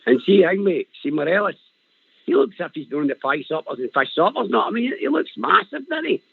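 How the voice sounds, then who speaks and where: A Scottish man calling in to a radio show, chatting in an animated, rambling way and laughing often. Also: high-pitched, fairly quick, vocal fry, slightly rough, no echo. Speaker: caller. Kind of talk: casual chat on a call-in show. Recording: tinny phone line.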